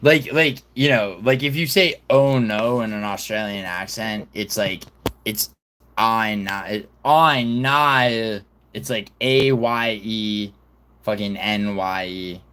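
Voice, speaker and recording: Man hosting a stream, low-ish voice, rambling, cussing, lots of filler words. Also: unhurried, a bit bright. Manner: rambling and profane, heavy fillers and restarts; reads news reports aloud. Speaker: livestream host. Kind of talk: casual livestream chat.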